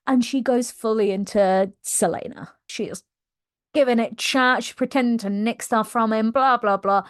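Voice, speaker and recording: A woman's voice: a little high, unhurried, no echo, studio quality. A young woman giving a casual book recap, gushing and slangy, laughing often. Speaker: book vlogger.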